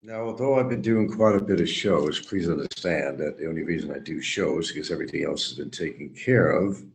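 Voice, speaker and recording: A man's voice: rumbling low, fairly quick, creaky. A man streaming a rambling, sarcastic monologue, mocking and teasing his viewers.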